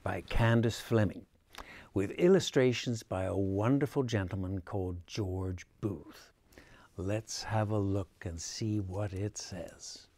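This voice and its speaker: A man's voice: lowish voice, slow pace, dark tone, no room sound. A man reading a picture book aloud, introducing it and then telling the story in a playful southern drawl. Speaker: book reader.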